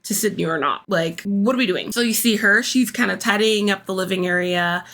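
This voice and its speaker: A woman's voice: medium pitch, a little fast, few pauses, a bit bright. Chatty exasperated woman recapping a show. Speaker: reaction video host. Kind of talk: casual recap commentary.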